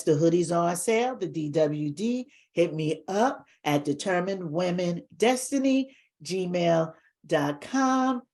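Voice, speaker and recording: Woman talk show host, slightly low voice, upbeat, talks straight to the audience. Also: a little mellow. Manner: upbeat, addresses viewers directly.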